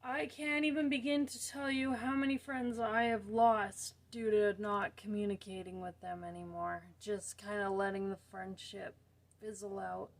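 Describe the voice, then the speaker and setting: A young woman talking casually to camera, slow and soft-spoken, her sentences often trailing off quietly. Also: medium pitch. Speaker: vlogger. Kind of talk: casual talk to camera about her own condition.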